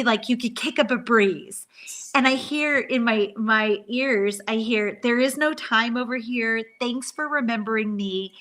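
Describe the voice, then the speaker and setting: A woman's voice: a little high, fairly bright tone. A middle-aged woman telling a long personal story on a live stream, earnest and rambling with many restarts. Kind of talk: casual storytelling.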